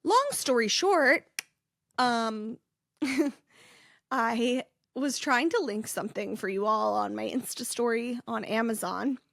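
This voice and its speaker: A woman's voice: a little high, slow, creaky, a bit bright, dry recording, studio quality. A heavily pregnant young woman hosting a casual vlog, rambling and chatty with frequent laughs. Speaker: influencer and podcast host. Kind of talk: casual chat.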